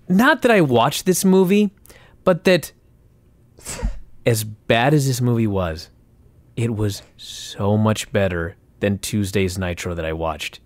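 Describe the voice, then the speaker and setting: A man's voice: mid-range voice, animated, takes it slowly, long pauses, no room sound. A man co-hosting a podcast, ranting and swearing in exasperated casual chat. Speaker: podcast co-host.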